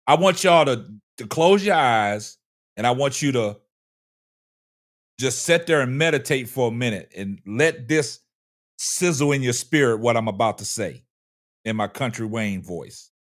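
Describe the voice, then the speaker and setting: Animated, slow-talking man. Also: medium pitch. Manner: incredulous, dramatic emphasis, slow deliberate delivery. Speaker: co-host. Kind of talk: casual panel talk.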